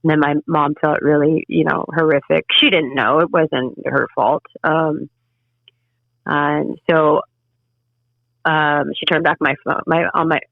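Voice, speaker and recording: A woman guest telling her story in an interview, halting and emotional with frequent restarts. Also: low voice, fairly even intonation, vocal fry, no echo. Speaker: podcast guest. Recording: tinny phone-line sound.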